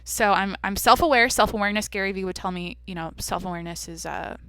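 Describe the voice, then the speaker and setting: Young woman, solo podcast host, blunt and foul-mouthed, tense bright voice, no room sound. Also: mid-range voice, quick pace, clean tone, no echo. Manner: brash, profane, blunt. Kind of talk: casual solo podcast chat.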